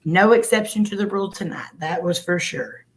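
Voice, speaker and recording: A woman's voice: fairly low pitch, moderate pace. A woman hosting a casual livestream, chatting and greeting viewers by name over a computer mic. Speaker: livestream host.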